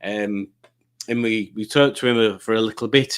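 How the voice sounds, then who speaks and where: A man's voice: fairly low pitch, moderate pace, clean tone. A middle-aged man hosting a casual livestream, rambling as he reads out viewer comments. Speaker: livestream host.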